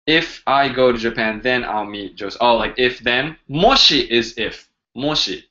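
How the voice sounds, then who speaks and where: A man's voice: medium pitch, measured pace, sharp tone, lo-fi sound. A man hosting a casual live-stream language lesson, chatty and joking as he answers viewers' questions.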